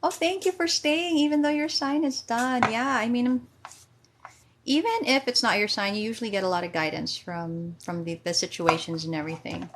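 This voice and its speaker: A woman's voice: a little high, steady tone, moderate pace, noisy background. A woman chatting casually on a livestream as a tarot reader, giggly and self-deprecating.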